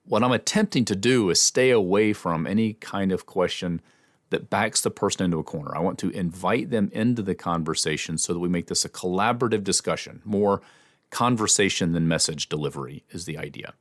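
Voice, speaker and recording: A man hosting an instructional podcast, explaining in a measured way with small restarts. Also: deep voice, dry recording, studio quality. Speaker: podcast host and communication trainer.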